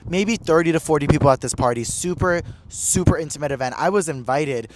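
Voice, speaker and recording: A young male podcast host chatting casually, his voice sitting a bit high for a man. He talks in an excitable, gossipy rush and packs his sentences with "like" and "literally". A faint hiss runs underneath. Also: fairly quick. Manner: excitable, gossipy, heavy "like" filler. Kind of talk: casual chat.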